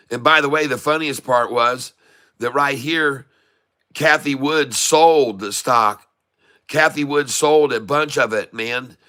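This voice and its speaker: A middle-aged Florida man, a day-trading streamer, delivers folksy, showman-style live market commentary and greets viewers by name. His medium-pitched voice is pushed, bright, and smooth.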